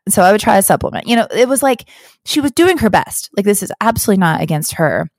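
A woman's voice: medium pitch, animated, quick pace, a little mellow, no room sound, studio quality. A woman hosting a podcast as a health coach, talking in a candid, earnest, chatty way with lots of fillers. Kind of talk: casual podcast monologue.

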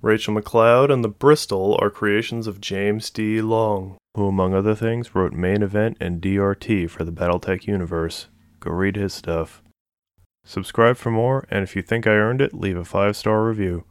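A man reads a sci-fi audiobook aloud with a steady, measured delivery. His voice sits a little low. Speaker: audiobook narrator. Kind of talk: fiction audiobook narration.

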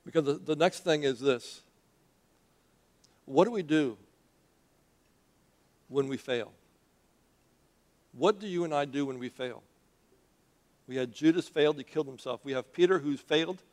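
A male preacher delivers a sermon in a church in a conversational, animated way. He questions his listeners directly as he tells the story. His voice sits somewhat high. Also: unhurried, long pauses.

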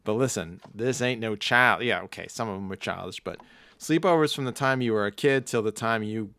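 A man's voice: on the low side, a little fast, a bit bright, no echo. A man co-hosting a casual podcast chat, jokey and rambling, often laughing. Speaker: podcast co-host.

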